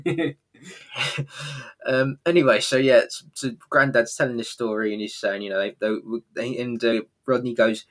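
A man's voice: mid-range voice, fairly even intonation, moderate pace, fairly bright tone. A man co-hosting a podcast, chatting casually about a sitcom episode, laughing often and acting out its lines. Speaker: podcast co-host. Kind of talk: casual chat recapping a sitcom.

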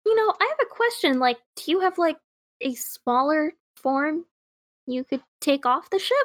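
A woman's voice: sits high, lively intonation, normal speed, dry recording, clean studio sound. A woman playing a tabletop game, chatty and hesitant, full of "like". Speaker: player.

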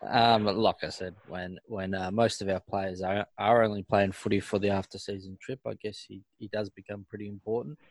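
Co-host, man, low voice, easygoing yarn-teller, dry mic. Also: steady tone, normal speed, hardly any pauses, dry recording. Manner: easygoing storyteller. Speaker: podcast co-host. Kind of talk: casual podcast chat.

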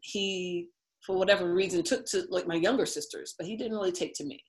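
A woman's voice: on the low side, fairly quick. A middle-aged woman from the United States, an interview guest telling a personal story, chatty and laughing often.

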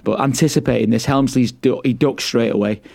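A man's voice: mid-range voice, fairly even intonation, brisk, gravelly, darkish tone, no room sound. A man co-hosting a podcast, recapping a wrestling show in a chatty way, laughing often and repeating his words. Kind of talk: casual chat, play-by-play recap.

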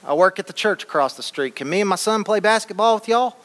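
A man's voice: high voice, expressive, quick pace, a bit bright, pitched above the performer's own voice. A man voicing his cheerful middle-aged Texan pastor father with a folksy drawl, told in a live story on a stage. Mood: friendly.

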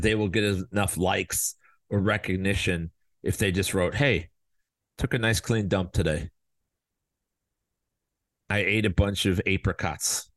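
A fired-up male podcast host with a lowish voice, talking straight into a close mic. He is blunt and profane and jumps into loud mocking voices. The sound is dry and close. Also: no room sound. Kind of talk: fired-up opinion monologue.

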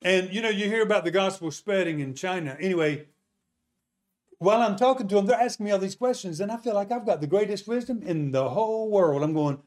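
Man, high voice, preacher, testimony sermon, animated storyteller, asks the crowd questions. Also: a little fast.

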